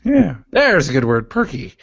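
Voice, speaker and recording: A man's voice: on the high side, wildly swooping pitch, normal speed, vocal fry, a bit bright, husky, no room sound. A male radio host talking casually, joking and rambling with lots of fillers and restarts in a studio. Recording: dull, dry studio sound.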